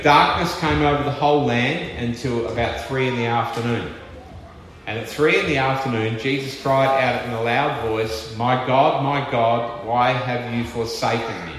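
Guy preaching a sermon, slow heavy emphasis, faint hum behind. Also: mid-range voice, fairly bright tone. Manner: earnest, emphatic preaching with slow stressed words. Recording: echoey church hall with long reverb.

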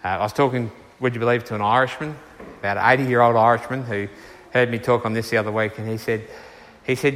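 A man preaching a sermon and taking questions, earnest and unhurried, slowing down to stress key words. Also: medium pitch, fairly bright tone, a little hiss or hum. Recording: reverberant hall.

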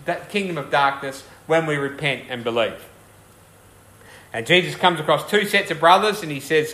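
A man preaching a sermon with a slightly higher voice than most men. He talks earnestly and conversationally, often putting questions to the congregation. His voice rings through an echoey church hall. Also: fairly bright tone. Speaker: pastor.

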